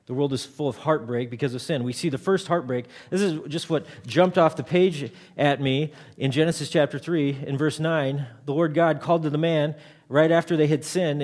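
A man's voice: a little high, a little mellow. A man in his thirties, a pastor giving a conversational sermon, often repeating words as he starts a thought.

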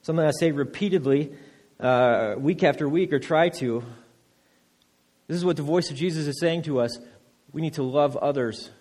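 A man with a slightly higher voice preaches a sermon in church. He reads scripture aloud at a deliberate pace, then presses his points with rising emphasis, often doubling words as he restarts a phrase. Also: a little mellow. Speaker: pastor.

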